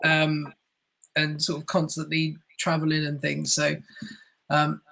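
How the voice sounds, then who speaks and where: A woman's voice: low voice, monotone, a little slow, creaky, fairly bright tone, low-quality recording. A woman playing in a tabletop game who talks casually and hesitantly and laughs often. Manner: giggly, hesitant. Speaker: player. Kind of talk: casual chat.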